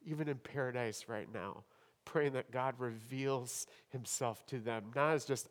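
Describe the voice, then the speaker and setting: A man preaching a sermon in a church hall, with dramatic swings between loud emphasis and hushed tones. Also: mid-range voice, unhurried. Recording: long hall reverb.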